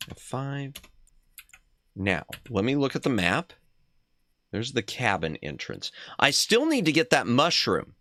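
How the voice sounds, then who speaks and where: A man's voice: mid-range voice, wildly swooping pitch, a little slow, sharp tone, no room sound. A man streaming a retro adventure game, thinking aloud in casual commentary and reading the game text aloud.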